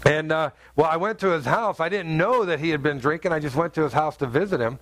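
A man preaching a sermon, telling a personal story in a halting, conversational way full of fillers, then rising to fervent exhortation. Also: on the high side, fairly bright tone, no echo.

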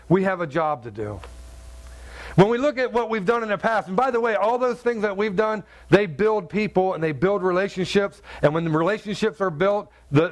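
A man preaching a sermon as pastor, talking in a conversational way, repeating words and asking his listeners to agree. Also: sits high. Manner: conversational, repeats words, asks the crowd "right?".

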